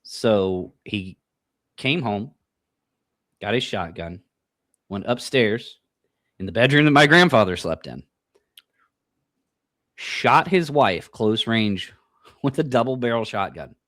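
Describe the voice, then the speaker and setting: A man with a Midwestern American accent chats casually as a paranormal podcast co-host. His voice sits a little low and the sound is dry and close. He tells stories loosely, with frequent swearing and laughter. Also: lively intonation, slow, long pauses, a bit bright, dry recording. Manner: laid-back storyteller, swears and laughs often. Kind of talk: casual chat.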